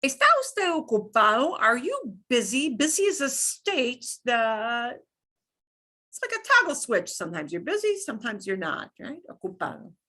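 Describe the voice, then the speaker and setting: A woman's voice: on the high side, very animated, moderate pace, pushed and bright, husky. A woman teaching a beginners' Spanish class, explaining patiently with examples and repetition. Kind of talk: classroom lesson.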